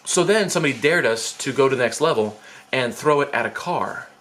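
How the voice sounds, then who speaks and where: A man who used to be a teacher tells a personal story straight to camera. He talks at an ordinary middle pitch. He rambles and mocks himself in a chatty, easygoing way. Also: lively intonation, brisk, a bit bright. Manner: chatty, self-deprecating rambling. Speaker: former teacher.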